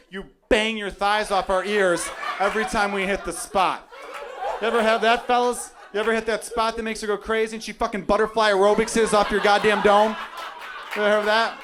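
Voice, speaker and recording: A high-pitched male stand-up comedian from Chicago, USA, riffs brashly and profanely at a live club audience. The club recording carries a loud crowd and noisy background, with audience laughter throughout.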